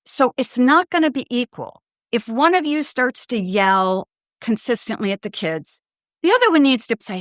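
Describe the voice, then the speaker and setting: With a fairly high, animated voice at a moderate pace, an older woman who hosts a pediatric podcast responds to callers with blunt, warm-humored parenting tips. She voices children and parents in quotes; the sound is clean studio audio with no room noise.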